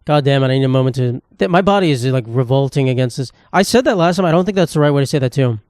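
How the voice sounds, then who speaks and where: A man's voice: mid-range voice, expressive, racing, a little mellow, no room sound, clean studio sound. A man in his twenties hosting a solo podcast, rambling with crude, self-mocking humor. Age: 20s. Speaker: podcast host. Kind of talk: casual solo podcast monologue. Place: indoor room, at a table.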